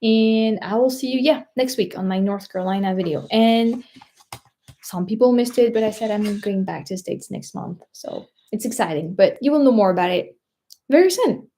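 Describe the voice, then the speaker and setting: A woman's voice: mid-range voice, moderate pace, warm tone. Rambling French-accented woman. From France. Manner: rambling, searching for words, laughing often. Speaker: vlogger host. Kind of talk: casual livestream sign-off.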